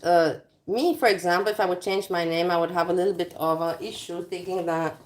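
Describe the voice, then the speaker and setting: A woman hosting a casual livestream, rambling and teasing her viewers with self-mocking jokes. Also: medium pitch. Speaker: livestream host.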